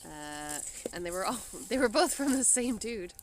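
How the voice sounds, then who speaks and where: A woman's voice: medium pitch, lively intonation, moderate pace, a little hiss or hum. A woman chatting casually with her husband, laid-back, telling her own stories with dry remarks. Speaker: host, diamond painting vlogger. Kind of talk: casual chat, storytelling. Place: garden outdoors. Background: faint outdoor ambience.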